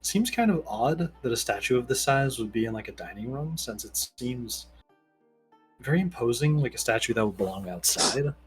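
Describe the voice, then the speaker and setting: Man, game master, laid-back narration, mid-pitched voice, faint music behind. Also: expressive, normal speed, breathy edge, low-quality recording. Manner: laid-back, casual descriptions with fillers.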